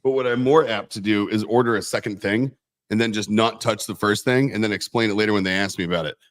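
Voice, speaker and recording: A man's voice: lowish voice, steady tone, quick pace, dry recording. A man co-hosting a casual livestream, rambling and often restarting his sentences, with a mixed American accent picked up from moving around. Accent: mixed American accent from many moves. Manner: rambling, self-interrupting, repeats words. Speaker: co-host, company owner.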